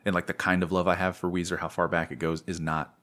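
A man with a very low, deep voice co-hosting a podcast. He chats casually and playfully, rambling a little and poking fun at himself. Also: little pitch movement, fast, fairly bright tone. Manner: playful, rambling, self-mocking. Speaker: podcast co-host. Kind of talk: casual chat.

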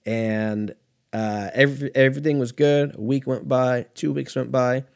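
A man's voice: mid-range voice, steady tone, moderate pace, gravelly. A man from California hosting a casual storytelling monologue, talking in a profane, rambling way and drifting off on tangents. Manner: profane, rambling, easily sidetracked. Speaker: host.

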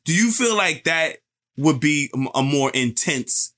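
A man's voice: a little high, a little slow. A man co-hosting a podcast, asking questions and swearing freely. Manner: lively, swears and poses questions. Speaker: podcast co-host. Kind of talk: casual chat.

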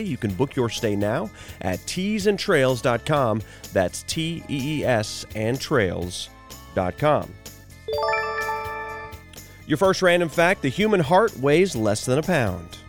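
Chatty morning radio host. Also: male voice, on the high side, animated, soft background music. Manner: chatty asides and quick jokes between items. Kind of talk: radio show reading facts, ads and headlines.

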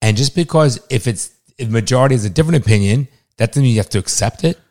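A man's voice: mid-range voice, lively intonation, fast talker, a little mellow. A middle-aged man, a father, arguing heatedly with his son, exasperated, swearing and talking over him. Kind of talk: heated family argument.

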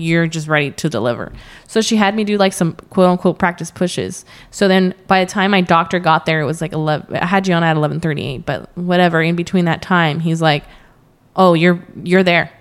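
Young woman, podcast guest, casual storytelling, quotes herself, laughs a lot, slightly low voice. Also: a little fast. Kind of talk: casual interview chat.

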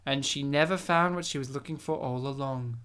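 Man, sarcastic, deadpan jokes, casual podcast chat about movies. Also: mid-range voice, fairly quick, smooth. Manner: dry, sarcastic joking. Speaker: podcast co-host.

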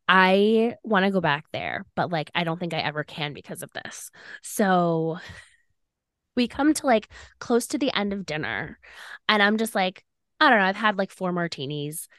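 A woman's voice: medium pitch, a bit bright, no echo, studio quality. A young woman co-hosting a podcast, telling a dating story in a chatty way with many "like" fillers. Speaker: podcast co-host. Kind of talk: casual storytelling chat.

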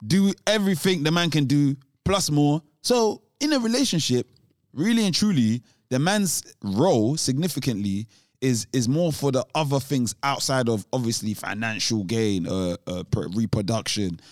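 A man's voice: medium pitch, no room sound, clean studio sound. A man chatting casually as a co-host, rambling off on tangents with lots of restarts and street slang. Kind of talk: casual chat.

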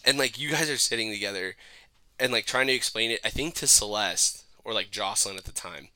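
A man's voice: lowish voice, a little fast, sharp tone, dry recording. A young man co-hosting a casual chat, telling stories with lots of swearing and "like" fillers, and mimicking voices. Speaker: podcast co-host.

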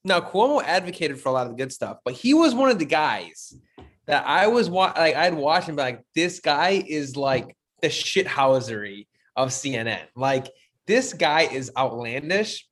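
A man's voice: fairly high pitch, sing-song, moderate pace, a bit bright. A man co-hosting a podcast, bantering casually with laughs and slang. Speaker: podcast co-host. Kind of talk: casual chat.

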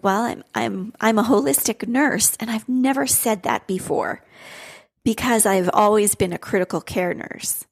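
A middle-aged woman with a husky, breathy voice reflects openly on her life as a nurse. She is teary but keeps going, laughing softly between thoughts. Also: mid-range voice. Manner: heartfelt, reflective, laughs often. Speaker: podcast co-host, nurse coach. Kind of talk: personal storytelling on a podcast.

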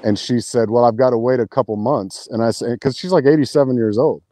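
A man with a mellow, dark voice chats as a podcast guest. He tells a rambling story with lots of restarts and some swearing. The sound is dry and close. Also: mid-range voice, a little fast, dry recording. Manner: rambling, restarts, profane, animated retelling. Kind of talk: casual chat, storytelling.

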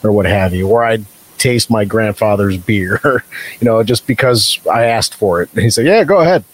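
A man co-hosting a casual podcast, chatty and quick to laugh in friendly banter. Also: on the low side, slightly rough. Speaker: podcast co-host. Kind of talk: casual chat.

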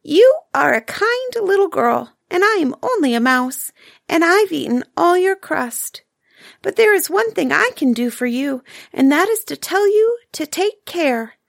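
Storybook mouse, small and kind, squeaky high voice; a woman reads him. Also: big pitch swings, a little slow, creaky, no room sound, clean studio sound, heavily acted. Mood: earnest. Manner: earnest, warning. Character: tiny kind male gray mouse.

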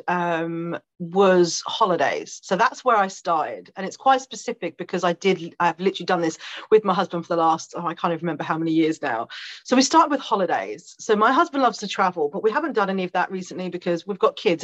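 Woman, podcast guest, chatty and animated, medium pitch, slightly dull lo-fi sound. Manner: chatty, animated, with many fillers and quick laughs. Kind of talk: conversational storytelling.

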